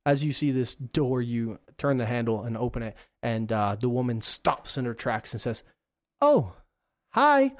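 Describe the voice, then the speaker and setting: A man narrating a tabletop superhero game as game master, lively with playful put-on voices. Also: mid-range voice, moderate pace, few pauses, no echo.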